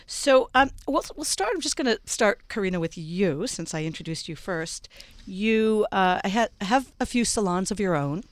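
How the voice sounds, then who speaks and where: A woman's voice: mid-range voice, lively intonation, normal speed, few pauses, dry recording. A middle-aged woman hosting a radio talk show, introducing guests in a chatty way full of ums and uhs. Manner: warm, chatty introductions with many fillers.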